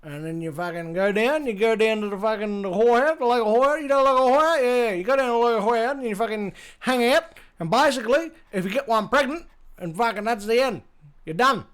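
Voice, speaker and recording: A man's voice: extremely high pitch, quick pace, fairly bright tone, clear, resonant tone, pitched above the performer's own voice. A man putting on an exaggerated, crude Australian bloke, rambling in slangy run-on patter. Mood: rowdy.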